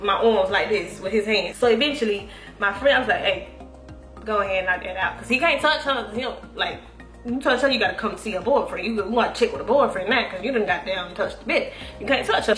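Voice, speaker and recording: Young woman, animated storyteller, slangy and profane, echoey room. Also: mid-range voice, fairly quick. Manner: animated, profane, slangy, quoting herself and others. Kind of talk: casual storytime to viewers. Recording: echoey room with faint music.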